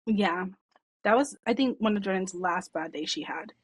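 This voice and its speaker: A woman's voice: medium pitch, moderate pace, husky, dry recording. Sarcastic, swearing salon boss woman. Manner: sarcastic, animated storyteller, swears freely. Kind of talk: casual podcast chat.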